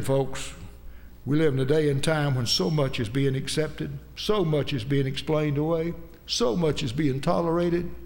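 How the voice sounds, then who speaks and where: Gravelly preacher in a hall. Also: male voice, mid-range voice, a little hiss or hum. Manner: emphatic preaching that rises into shouts. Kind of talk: sermon. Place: church sanctuary. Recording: long hall reverb.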